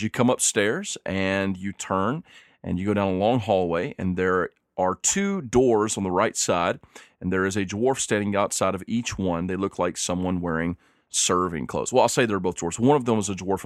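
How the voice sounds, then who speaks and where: Low-voiced man running a tabletop game. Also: normal speed, no room sound, studio quality. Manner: relaxed, rambling, laughs easily. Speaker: game master.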